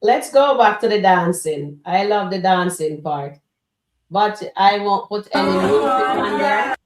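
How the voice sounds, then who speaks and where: A woman's voice: medium pitch, expressive, unhurried, echoey room, background noise. A woman hosting a live reaction stream, chatting casually and speaking straight to her viewers. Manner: chatty, addresses the chat directly.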